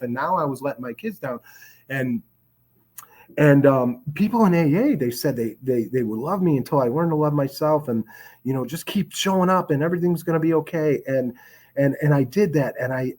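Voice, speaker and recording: A middle-aged man from the Chicago area, telling his recovery story as a podcast guest in an earnest, reflective way, with many restarts and filler words. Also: a little high. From Chicago area, USA. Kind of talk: personal storytelling in a podcast interview.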